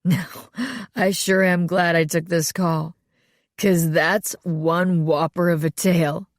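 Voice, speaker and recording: A woman voicing a folksy, mocking male small-town sheriff with a slow drawl. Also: on the low side, little pitch movement, no echo, studio quality. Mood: amused.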